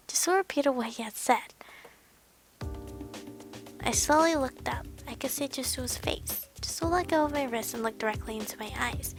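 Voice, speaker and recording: Woman, high pitch, gravelly fry, soft near-whispered visual novel narration. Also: moderate pace, faint music behind. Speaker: let's play streamer.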